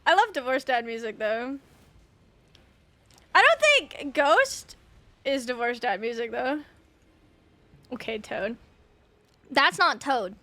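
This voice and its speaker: A woman's voice: high voice, big pitch swings, measured pace, long pauses, sharp tone, no room sound. A young woman streaming a game, chatting casually and laughing often, swearing freely and filling her talk with "like," on a close mic. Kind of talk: casual chat while gaming live.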